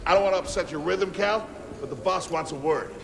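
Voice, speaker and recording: Gravelly game coworker. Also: male voice, high-pitched, a little fast, a bit bright, slight background noise. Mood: blunt. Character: gruff male coworker in a video game.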